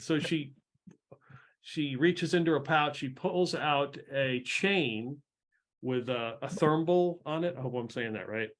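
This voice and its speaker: A man's voice: fairly high pitch, takes it slowly. Casual man narrating as game master. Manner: casual, filler-heavy narration.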